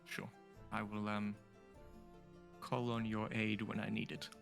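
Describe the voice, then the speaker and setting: A man's voice: on the low side, monotone, measured pace, creaky, fairly bright tone, faint music behind. A man playing in a tabletop game, talking easily and describing what his character does. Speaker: player. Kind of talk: tabletop role-play chat.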